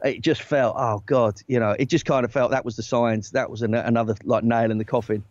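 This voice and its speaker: A man in his own easy voice, telling stories as a podcast guest, stumbling over restarts and then climbing high when the punchline lands. The sound is dry and close, a little dull and muffled, with no room around it. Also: brisk, no room sound. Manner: animated anecdotes, rising excitedly, lots of restarts. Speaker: guest, former football agent. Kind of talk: casual storytelling in a podcast interview.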